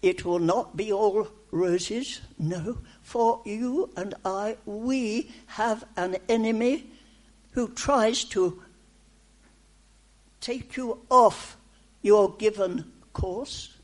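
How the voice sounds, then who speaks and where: A woman giving a prophetic message in the first person as God, in slow, deliberate, reassuring short phrases that she often repeats. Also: medium pitch. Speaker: speaker delivering a prophetic message.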